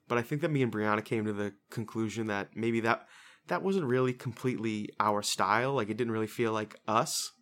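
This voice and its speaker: A man's voice: lowish voice, a bit bright. A man co-hosting a casual late-night podcast, joking loosely and laughing often. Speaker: podcast co-host.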